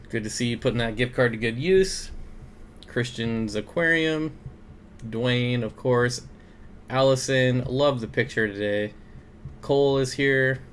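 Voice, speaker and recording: A man's voice: mid-range voice, fairly bright tone, slight background noise. A young man hosting a casual aquarium livestream, greeting viewers by name and reading their comments with frequent chuckles. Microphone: desk mic.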